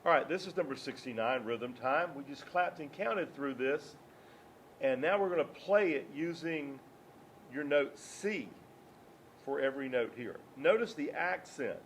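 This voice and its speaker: A man's voice: on the high side, animated, unhurried, slight background noise. A man teaching a beginner clarinet lesson, counting beats aloud and giving patient, step-by-step directions. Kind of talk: instructional music lesson.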